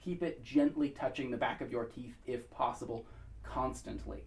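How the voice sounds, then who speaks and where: An American man giving a relaxed spoken pronunciation tutorial. He talks thoughtfully, with many pauses and fillers, and now and then sings short syllables to demonstrate. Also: mid-range voice, vocal fry, recorded from a distance. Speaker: pronunciation instructor.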